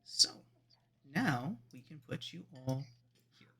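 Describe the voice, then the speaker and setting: A man's voice: a little high, animated, slow, sharp tone. A man narrating as game master of a tabletop game in an easygoing, descriptive way.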